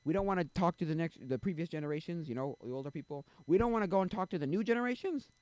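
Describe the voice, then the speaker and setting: A man's voice: fairly high pitch, lively intonation, racing, darkish tone, clear, resonant tone, no room sound. A young man streaming, chatting casually and rambling, often losing his train of thought. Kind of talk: casual chat.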